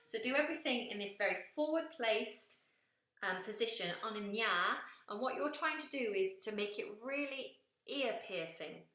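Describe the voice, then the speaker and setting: A woman's voice: medium pitch, bright, forceful tone. A woman coaching singing during a live feedback session, explaining technique and sometimes breaking into sung demonstrations. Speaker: vocal coach. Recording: roomy echo.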